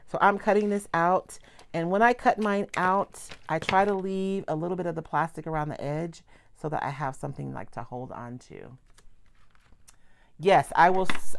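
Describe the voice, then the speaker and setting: Middle-aged woman, chatty livestream craft host, low gravelly voice. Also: normal speed, a little hiss or hum. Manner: chatty, rambling, self-interrupting. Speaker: craft product demonstrator. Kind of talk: casual livestream craft demo. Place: home craft table.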